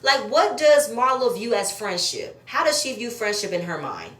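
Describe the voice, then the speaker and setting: A woman's voice: medium pitch, big pitch swings, normal speed, pushed and bright. Blunt woman recapping TV in an echoey room. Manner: blunt, profane, opinionated. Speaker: reality TV recap host. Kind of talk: casual reality show review commentary.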